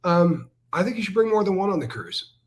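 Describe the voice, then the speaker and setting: A co-host on a casual livestream chat, this man speaks briskly in a high-sitting voice. He tells stories emphatically and animatedly, mimicking what other people said.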